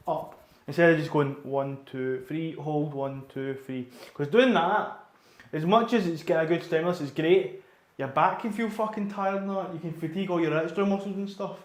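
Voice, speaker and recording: Rambling Scottish man in echoey gym. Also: on the high side. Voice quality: sweary, rambling, repeats himself. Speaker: livestreaming gym-goer. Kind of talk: casual chat while training.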